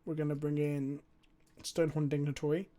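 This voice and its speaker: His pitch leans high and his delivery is brisk as this young man streams a card game. He explains his moves and banters with viewers, animated, swearing, and poking fun at himself.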